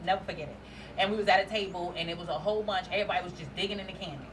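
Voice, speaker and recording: A woman comedian, animated, telling a story in casual chat and laughing through her punchlines. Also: lowish voice, very fast. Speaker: stand-up comedian, guest. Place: live comedy show venue with audience. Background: crowd noise.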